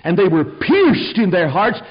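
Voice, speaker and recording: Fiery older man preaching, husky and lively. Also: high-pitched, unhurried, lo-fi sound. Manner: fiery, folksy preaching with shouted peaks. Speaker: pastor. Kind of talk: sermon.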